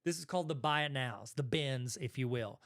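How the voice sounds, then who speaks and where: A man's voice: medium pitch, normal speed, a bit bright. A man from Arkansas with a Southern accent, hosting a casual commentary video and talking in a rambling, conversational way with frequent self-corrections. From Arkansas, USA. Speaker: host, card collector.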